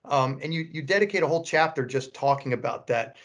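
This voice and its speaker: A man's voice: fairly high pitch, expressive, fast talker. A man hosting a podcast interview, framing questions with many restarts and fillers. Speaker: podcast host. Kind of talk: conversational interview.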